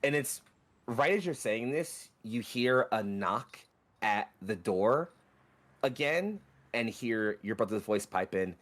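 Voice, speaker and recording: A man narrating a tabletop role-playing game as game master, with vivid, rushing descriptions. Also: medium pitch, expressive.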